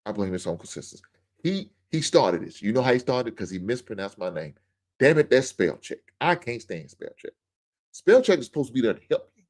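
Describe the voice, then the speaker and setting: A man's voice: medium pitch, sing-song, a little fast, darkish tone. A middle-aged man hosting a show, in a blunt, joking, ranting monologue. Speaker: podcast host. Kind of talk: casual monologue.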